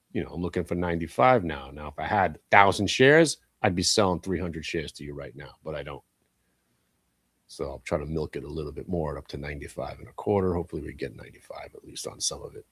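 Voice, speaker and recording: Blunt, excitable man trading live. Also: sits low, husky, dry recording, clean studio sound. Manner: blunt, animated, swears and yells at the market. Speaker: stock trading show host.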